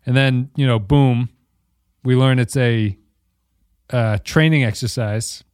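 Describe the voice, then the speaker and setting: A man's voice: mid-range voice, slow, darkish tone, smooth, dry recording. A man hosts a casual podcast chat, joking around and laughing often. His voice sits in an ordinary middle register. The sound is dry and close-miked. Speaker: podcast host.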